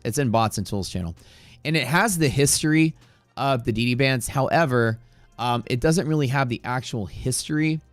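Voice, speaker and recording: A man's voice: medium pitch, dry recording. A man hosting a live day-trading stream, talking in a chatty, rambling way that turns profane at times. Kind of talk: casual live-stream commentary. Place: Houston area.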